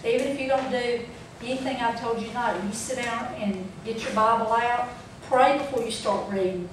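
Speaking at a moderate pace in a slightly high, steady voice, a woman runs a folksy Bible study session. She checks in with the group through questions as the church training talk goes on. The sound is echoey and distant, with slight background noise.

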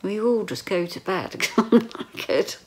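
A woman's voice: mid-range voice, animated, measured pace, a little hiss or hum. A middle-aged woman, talking in a rambling, emotional video diary and often dropping into a whisper. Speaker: vlogger. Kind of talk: casual personal video diary.

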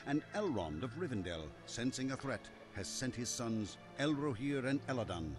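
Grave epic storyteller voiced by a man for a fantasy game cutscene, measured and solemn, with loud music under it. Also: mid-range voice, sing-song, natural voice. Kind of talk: scripted narration.

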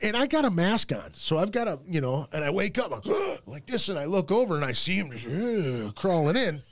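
A man hosting a podcast, chatting casually and telling animated stories full of swearing. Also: a little high, fairly quick. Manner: animated, profane storytelling. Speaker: podcast host. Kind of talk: casual chat.

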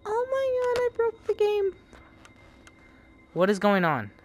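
Excitable young-sounding man gaming. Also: very high-pitched, measured pace. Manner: excitable, yelps and laughs at scares. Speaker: gamer. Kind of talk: let's play commentary. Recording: game sounds and noise behind.

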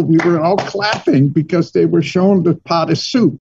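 A man's voice: fairly high pitch, normal speed, creaky, darkish tone, dull audio, slight background noise. An older man, a guest in an interview, telling personal stories vividly and acting out his own past dialogue. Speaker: guest, money manager. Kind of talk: storytelling in an interview.

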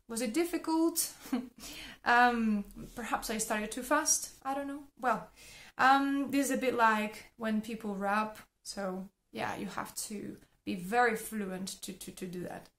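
Slow, careful woman teaching pronunciation. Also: fairly high pitch, fairly bright tone. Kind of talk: pronunciation lesson with repeat-after-me drills.

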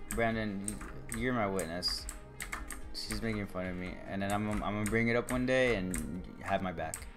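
A man's voice: fairly low pitch, normal speed, music in the background. A man chatting casually with his viewers on a livestream, rambling and joking and talking straight to them. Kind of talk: casual live-stream chat.

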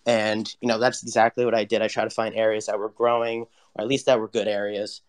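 Young man in his twenties, panel guest, lowish voice, loose and full of fillers. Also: level tone, fast. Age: 20s. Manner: loose and hesitant, many fillers. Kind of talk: casual live audio chat.

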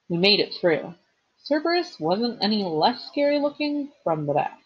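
A woman, a teacher, reading a novel aloud with expressive storytelling and the occasional slip and reread. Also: fairly low pitch, moderate pace, husky, lo-fi sound.

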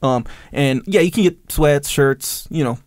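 A man's voice: fairly high pitch, a little slow, a little mellow, no room sound. A man co-hosting a podcast, giving a breezy, joking sponsor plug in a studio. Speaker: podcast co-host.

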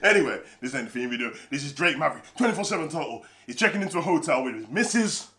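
Bright-voiced excitable man. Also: fairly high pitch, racing. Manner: excitable, laughs and shouts often. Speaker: reaction video host. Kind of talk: excited reaction commentary.

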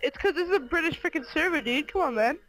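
A man playing a game with a friend, chatting casually in quick play-by-play. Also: extremely high pitch, lively intonation, crowd noise, poor audio. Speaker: co-player. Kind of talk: casual gaming chat.

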